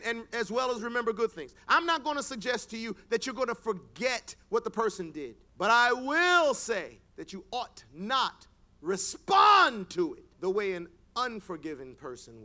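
A male preacher giving a sermon, reading scripture aloud and rising to loud, emphatic passages. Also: very high-pitched, big pitch swings, moderate pace.

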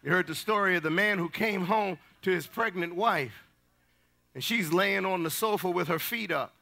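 A man preaching a fiery sermon in a high, gravelly voice. His tone is bright and sharp. He builds into shouts and drops into folksy asides. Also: normal speed, faint music behind. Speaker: pastor.

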